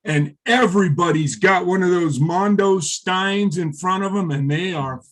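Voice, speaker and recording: A middle-aged former wrestler, a guest in an interview, telling stories in a rambling, profane way with many fillers. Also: male voice, high voice, a little slow, a bit bright. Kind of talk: casual interview storytelling.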